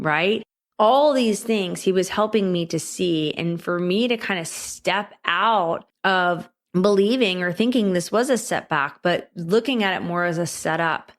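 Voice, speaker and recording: A woman's voice: on the low side, normal speed. A woman hosting her own podcast, talking alone in a chatty, conversational way and often checking in with the listener. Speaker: podcast host. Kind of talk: solo podcast monologue.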